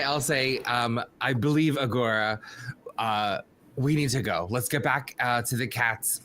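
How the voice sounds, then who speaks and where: A man's voice: mid-range voice, bright, forceful tone, a little hiss or hum. A man playing a tabletop game, talking hesitantly with many fillers. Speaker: player.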